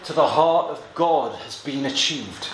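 A man preaching an expository Bible sermon, earnest, moving between quiet reading of scripture and emphatic exclamations. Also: medium pitch, animated, unhurried. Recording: echoey room with faint ambient noise.

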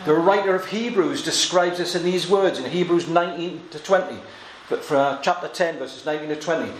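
A man's voice: a little high, fairly quick, few pauses. Earnest preacher man in an echoey room. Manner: earnest, swinging from quiet scripture reading to emphatic exclamations. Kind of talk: expository Bible sermon. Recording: echoey room with faint ambient noise.

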